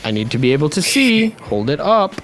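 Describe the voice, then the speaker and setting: A man's voice: on the high side, very animated, brisk, a bit bright, slight background noise. A man hosting a livestream, bossy and profane as he gives orders. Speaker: livestream host. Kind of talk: livestream chat.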